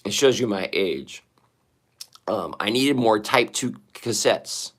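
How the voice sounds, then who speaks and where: A man in his forties chats loosely on a livestream, drifting from thought to thought with a wry, self-mocking streak. His voice sits a little low for a man. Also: lively intonation, slow, a bit bright. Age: 40s. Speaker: livestream host. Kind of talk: casual livestream chat.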